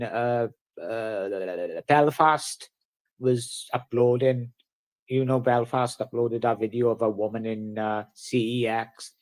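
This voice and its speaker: A man from the in a casual vlog, ranting bluntly and swearing heavily. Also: medium pitch. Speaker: vlogger.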